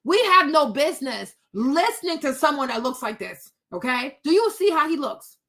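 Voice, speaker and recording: A woman's voice: high voice, big pitch swings, normal speed, pushed and bright. A woman hosting her own political commentary, blunt, sassy and profane, scolding the people she talks about. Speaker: commentary host.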